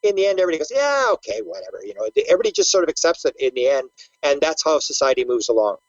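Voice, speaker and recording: An older man with a fairly high voice tells stories as an interview guest, acting out quotes and tripping over repeated words. The sound is close and dry with no room around it. The audio is slightly muffled and lo-fi. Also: very fast, no room sound. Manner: animated storyteller who acts out quotes and repeats words. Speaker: guest researcher. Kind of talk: casual interview talk.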